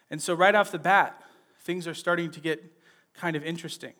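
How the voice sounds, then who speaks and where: A man teaching a sermon on a Bible passage in a conversational way, often checking in with "right?" and retelling scenes in lively everyday speech. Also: fairly high pitch, fairly quick.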